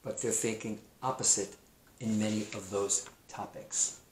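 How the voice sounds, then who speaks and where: Male teacher with a Pacific Northwest American accent, slow and patient, repeats words for little kids; somewhat low voice, echoey room. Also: steady tone, slight background noise. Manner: slow, repeats new words for young children. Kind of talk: kindergarten-level explanatory lesson.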